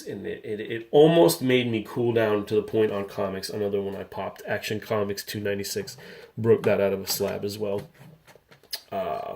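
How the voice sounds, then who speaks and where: Man, thirties, casual vlog, rambling and candid, low pitch, rough creaky voice. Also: a little mellow. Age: 30s. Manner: candid, rambling, gets riled up. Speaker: comic book collector and channel host.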